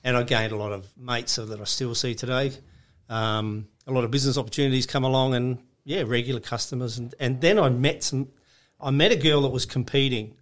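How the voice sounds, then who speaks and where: A man with a mid-pitched voice, a guest on a podcast. He tells stories in a plain, easygoing way and laughs easily between phrases. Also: fairly even intonation, brisk. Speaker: guest, bodybuilding judge. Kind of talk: casual podcast interview.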